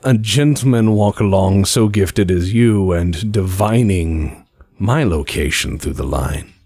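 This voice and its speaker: A man voicing a refined, sinister older gentleman contact who speaks slowly and with silky politeness. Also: low-pitched. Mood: polite. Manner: slow, measured, silkily polite.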